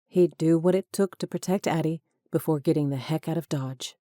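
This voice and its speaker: A woman narrating an audiobook in a measured, even manner. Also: low-pitched, no room sound, clean studio sound.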